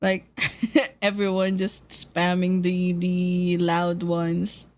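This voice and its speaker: A woman's voice: fairly low pitch, completely flat delivery, takes it slowly, a little mellow. A woman streamer chatting casually, laughing often mid-sentence and swearing loosely.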